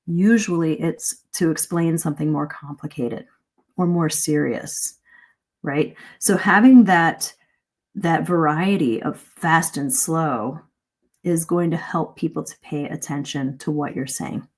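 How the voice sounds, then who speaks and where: Woman, middle-aged, English speaking coach, lively demonstrations, slightly low voice. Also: measured pace. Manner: lively, varies pace and emphasis to demonstrate. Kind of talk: live-stream speaking lesson.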